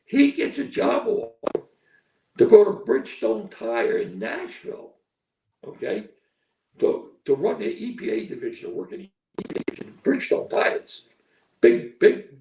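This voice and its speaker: Blunt gravelly older coach, echoey lo-fi. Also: male voice, high-pitched, mellow, slight background noise. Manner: blunt, profane, repetitive with frequent "okay?" and "right?". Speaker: football coach guest. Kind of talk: podcast interview talk. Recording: echoey distant lo-fi stream audio.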